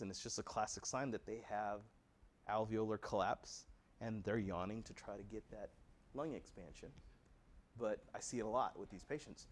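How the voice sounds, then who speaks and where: An American man giving an earnest educational talk to patients and families, speaking directly and asking rhetorical questions. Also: fairly low pitch.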